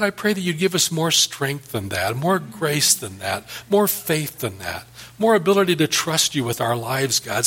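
A man's voice: mid-range voice, vocal fry, fairly bright tone, breathy edge. A male pastor preaching a Bible-study sermon and leading an earnest closing prayer.

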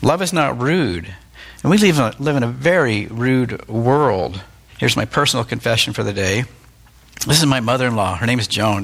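A man's voice: mid-range voice, a bit bright. A middle-aged man, a pastor, giving a candid, plain-spoken, conversational sermon with self-deprecating asides.

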